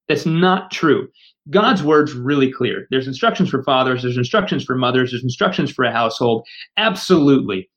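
A man's voice: mid-range voice, expressive, a little fast, a bit bright. A man co-hosting a podcast, talking in an earnest, firm and emphatic way. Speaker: podcast co-host. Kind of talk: casual discussion.

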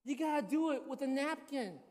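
Brief: woman pastor, chatty sermon, fairly high voice, long church reverb. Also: expressive, brisk, a little mellow. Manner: conversational, storytelling, asks the congregation often.

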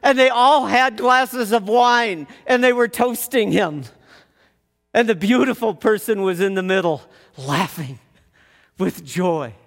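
A fairly high-voiced man tells a personal story with animated energy and keeps stumbling into quick repeated restarts. The recording carries a long, lingering hall reverb.

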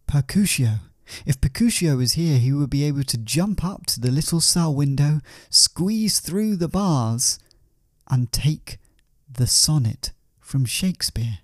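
A man narrating a comic story in a deadpan, matter-of-fact way. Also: fairly high pitch, a little slow, no room sound, clean studio sound.

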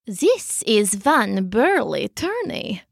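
A calm storybook cat who purrs her words in a languid way, as a woman voices her. Her delivery is slow and drawn out, with a dry, close sound. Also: medium pitch, gravelly, no room sound, pitched below the performer's own voice, full character voice. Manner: languid, purring. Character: calm, purring female cat.

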